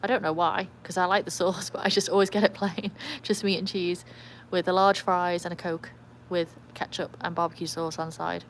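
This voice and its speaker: A woman's voice: lowish voice, level tone, moderate pace, few pauses, a little hiss or hum. An English woman hosting a casual livestream, chatting in a rambling way and reading viewer comments aloud. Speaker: livestream host with a trick dog. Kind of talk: casual live-stream chat.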